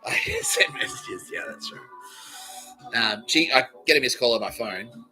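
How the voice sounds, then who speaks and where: A man's voice: mid-range voice, lively intonation, unhurried, sharp tone, rough recording. A man hosting his own podcast, telling a rambling, profane story with agitated energy and frequent laughter. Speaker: podcast host. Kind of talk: rambling solo comedy monologue. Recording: music playing clearly behind.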